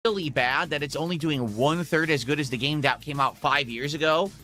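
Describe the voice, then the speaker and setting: A man's voice: on the high side, brisk, bright, forceful tone, faint music behind. A man chatting casually as a podcast co-host, frank and dismissive. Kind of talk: casual chat.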